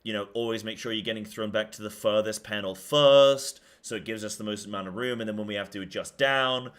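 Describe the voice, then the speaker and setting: A man's voice: fairly low pitch, a little fast, a bit bright. A young man streaming, chatting casually about a game and rambling in loose, filler-heavy sentences. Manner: talks in loose run-on thoughts with many fillers.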